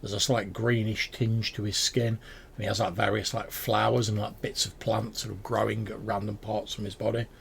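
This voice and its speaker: A man running a tabletop game, his low voice gravelly and rough at the edges. He narrates in a relaxed, halting way, with a faint hiss under the recording. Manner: relaxed, hesitant, many fillers. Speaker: game master.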